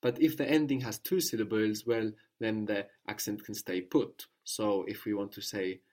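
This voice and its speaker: A man's voice: on the low side, fairly even intonation, normal speed, a little mellow. Patient male language teacher. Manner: patient, prompting with questions and repeating answers. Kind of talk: guided language lesson.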